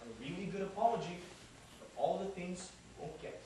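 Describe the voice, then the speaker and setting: Male actor as a high, lively, rambling New York drifter; stage monologue caught from far off in an echoey, noisy room. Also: a little fast. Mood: wry. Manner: rambling, animated, mimics passers-by. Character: restless witty out-of-work New York man.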